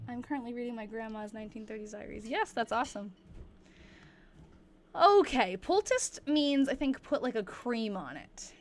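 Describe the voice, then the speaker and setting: A young woman hosting a casual livestream, chatting and slowly reading diary entries aloud, laughing often. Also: a little high, expressive, soft background music.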